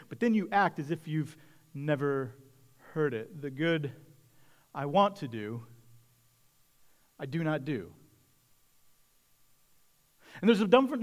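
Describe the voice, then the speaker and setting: A man preaching a sermon as pastor, talking to the congregation in a conversational, reflective way. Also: fairly high pitch.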